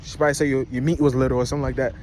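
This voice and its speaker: A male vlogger in his twenties rants casually outdoors at a rest stop, rambling, slangy, and incredulous. His mid-range voice races along with little pitch movement and a slightly mellow quality, over a faint hiss or hum.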